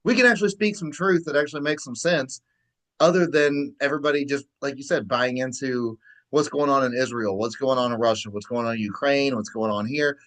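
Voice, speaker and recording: A man's voice: medium pitch, a little fast, a bit bright. A man hosting a podcast in casual chat, agreeing easily and swearing freely. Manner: agreeable, laid-back, profane. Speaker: podcast host.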